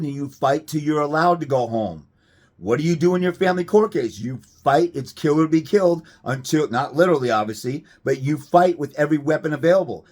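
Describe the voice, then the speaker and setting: A man speaks to camera in a fairly high, combative voice, blunt and profane. He hammers his points with rhetorical questions and cutting remarks. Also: darkish tone. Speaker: fathers' rights advocate. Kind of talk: direct-to-camera rant.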